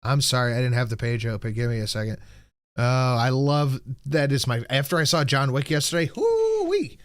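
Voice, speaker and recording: A man's voice: medium pitch, level tone, a little fast, clean tone, dry recording, studio quality. A man co-hosting a casual political livestream, blunt and profane as he rants and reads out donations. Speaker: livestream co-host reading donations.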